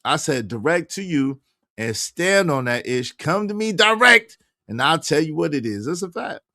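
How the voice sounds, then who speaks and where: A man's voice: fairly high pitch, big pitch swings, moderate pace, pushed and bright, no room sound, clean studio sound. A man hosting a casual livestream, reading viewer comments aloud and calling out guests and viewers by name. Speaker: show host.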